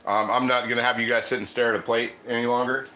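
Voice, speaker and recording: A man's voice: mid-range voice, little pitch movement, fast, pushed and bright, roomy sound, a little hiss or hum. A man hosting a casual cooking livestream, chatting loosely and eating as he talks. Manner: chatty, rambling, eats while talking.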